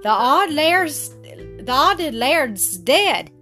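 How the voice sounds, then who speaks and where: Woman reading a breathless, high girl, storybook. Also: lively intonation, moderate pace, a bit bright, faint music behind. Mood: excited. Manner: breathless, eager. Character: excited eager Scottish girl twin.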